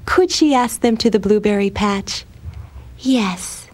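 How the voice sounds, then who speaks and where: A woman gently and expressively narrating a children's storybook. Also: mid-range voice, animated, moderate pace.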